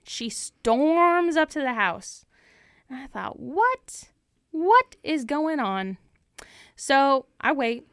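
A woman's voice: high voice, expressive, slow pace, fairly bright tone, dry recording, clean studio sound, heavily acted. A woman playing a folksy heartbroken cowboy. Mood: earnest folksy. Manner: folksy, repeats phrases for emphasis. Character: heartbroken male lone cowboy rancher, proud. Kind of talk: improvised comic storytelling.

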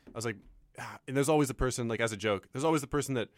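A man co-hosting a radio show, telling comedy stories in a casual, animated way and acting out quotes. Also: medium pitch, rapid-fire, no room sound. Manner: animated storytelling, acts out quotes.

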